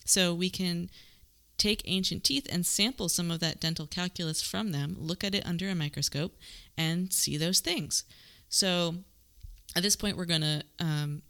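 A woman's voice: on the low side, moderate pace, a bit bright. A woman co-hosting a casual podcast, explaining ancient diets at length with jokes and laughs. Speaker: podcast co-host. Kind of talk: casual science podcast chat.

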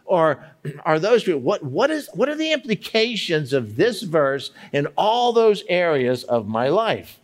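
A man teaching how to study the Bible. He talks emphatically, fires off questions aloud and slows down to stress single words. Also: fairly high pitch, very animated. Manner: asks many questions aloud.

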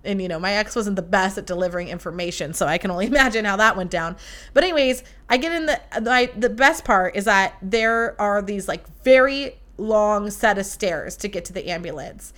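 A young woman hosts a podcast with a bright, crisp edge to her voice. She tells a story casually, with plenty of swearing and lively swings in how she speaks. Her pitch sits right in the middle for a woman. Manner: profane, animated storytelling. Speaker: podcast host.

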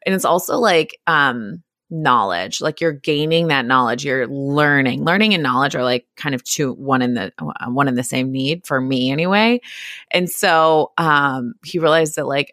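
A woman's voice: extremely low pitch, normal speed, fairly bright tone, no room sound, studio quality. A woman in her thirties, a therapist guest on a podcast, talking casually and acting out little quotes as she goes. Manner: chatty, lots of "like", acts out quotes.

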